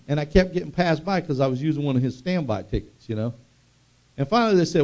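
A man's voice: on the high side, animated, fast, a little mellow. A male pastor preaching a sermon with call-and-response, telling stories and building to fervent proclamation.

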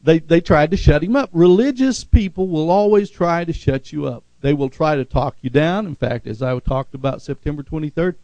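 A man preaching, his voice sitting a little high with a gravelly rasp. He calls on the congregation for amens and moves between fervent, raised passages and soft, hushed ones. The sound is close and dry. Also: moderate pace, hardly any pauses, no echo, muffled recording. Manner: call-and-response preaching, rising to shouts then dropping low. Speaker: pastor. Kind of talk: sermon.

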